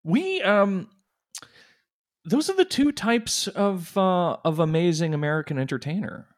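A man co-hosting a podcast in casual comedic chat, with dry, deadpan irony. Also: high voice, a little slow. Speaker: podcast co-host.

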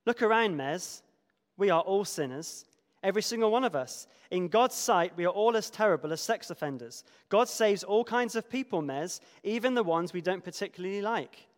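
A preacher reading aloud the lines of a church pastor who gently corrects a younger man, in an earnest, measured voice. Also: sits high, animated. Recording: long reverb of a large hall.

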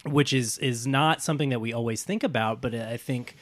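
A man co-hosting a casual film podcast, animated and rambling, laughing often as he talks. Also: medium pitch, brisk, no room sound. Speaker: podcast co-host.

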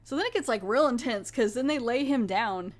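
A woman's voice: on the high side, brisk. Chatty woman recapping a TV episode. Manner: chatty, animated retelling with quoted voices. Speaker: podcast host reviewing a TV episode.

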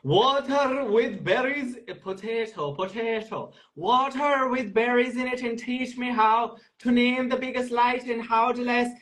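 A man voicing Caliban, a gruff island monster-man, in a hammy Shakespeare recital with mock accents. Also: on the high side, fairly bright tone, rough recording. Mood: hammy, theatrical. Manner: mock accents hammed up, slow theatrical delivery.

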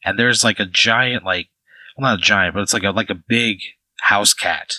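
A man's voice: on the low side, moderate pace, bright, forceful tone, dry recording, rough recording. A man narrating as game master in a rambling way, full of "like" fillers.

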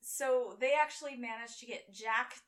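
A woman's voice: fairly high pitch, normal speed. A woman co-hosting a casual podcast, recapping a TV episode and acting out characters' lines. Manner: animated, acts out characters' lines. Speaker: podcast co-host.

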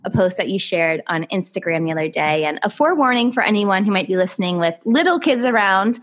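A woman's voice: medium pitch, expressive, fairly quick. A woman hosting a podcast, chatting casually and enthusiastically with her guest. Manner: enthusiastic, gushing. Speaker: podcast host. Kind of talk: casual interview chat.

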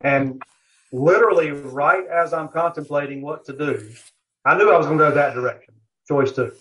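A man guesting on a barbecue podcast tells a rambling story in a casual interview, packed with fillers and asides. His voice sits on the high side and sounds a bit bright, at a moderate pace. The audio is dull and lo-fi.

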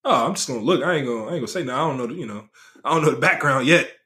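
A man's voice: medium pitch, animated, rapid-fire, pushed and bright. A man in easygoing conversation, talking in loose phrases full of fillers and chuckles. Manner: laid-back, filler-heavy, chuckling. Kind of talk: casual chat.

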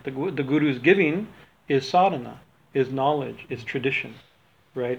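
A man teaching an informal religious talk, rambling with many restarts and a habit of asking "right?". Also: medium pitch. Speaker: spiritual teacher. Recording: dull lo-fi recording.

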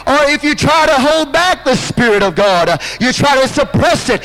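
Male pastor, very high, bright and forceful voice, impassioned sermon delivery with shouts. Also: poor audio. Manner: impassioned preaching with drawn-out phrases and sudden shouts.

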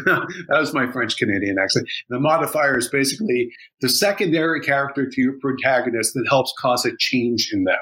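A man's voice: medium pitch, brisk, hardly any pauses, bright, forceful tone, low-quality recording. A man in casual podcast chat, rambling with many fillers and restarts.

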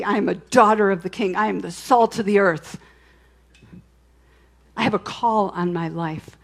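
A woman giving a conversational sermon testimony, telling her story candidly with frequent restarts and asides, swinging between soft and emphatic. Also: mid-range voice. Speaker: speaker sharing a testimony.

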